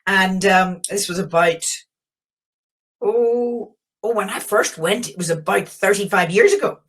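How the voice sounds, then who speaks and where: An older Belfast woman with a Northern Irish accent, a geologist, tells stories in a reflective, enthusiastic webinar talk full of fillers and restarts. Her mid-range voice is fairly bright and measured in pace, captured over a video call.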